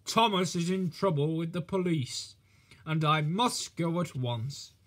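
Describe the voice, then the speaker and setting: A man voicing a brisk, determined railway boss who speaks indignantly. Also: on the high side, fairly bright tone.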